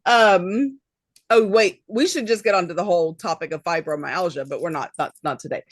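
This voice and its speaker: A woman's voice: lowish voice, normal speed, no echo, clean studio sound. A woman co-hosting a podcast in casual chat, laughing often and sometimes trailing off mid-thought. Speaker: podcast co-host.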